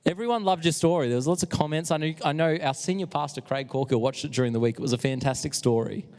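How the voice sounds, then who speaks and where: Man, youth leader, casual and energetic, hall reverb. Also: fairly high pitch, fast. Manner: energetic, chatty, self-deprecating. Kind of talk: live youth service talk. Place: church hall, live stream.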